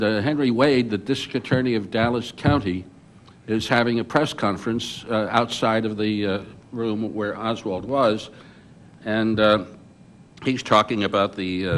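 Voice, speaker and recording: An older man on a journalists' panel, recounting his reporting memories as an animated storyteller who often restarts his sentences. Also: lowish voice. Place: conference hall.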